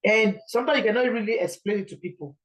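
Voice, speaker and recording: A woman's voice: mid-range voice, lively intonation, quick pace, low-quality recording. A Nigerian woman preaching an informal sermon in an earnest, pleading way, repeating her points.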